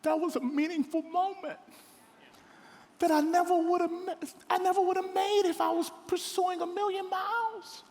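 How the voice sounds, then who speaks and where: A middle-aged male pastor telling funny stories in a lively, joking sermon. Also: extremely high pitch, moderate pace. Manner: animated, joking, with playful voices for others. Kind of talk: comedic sermon storytelling. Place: large hall on stage. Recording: long hall reverb.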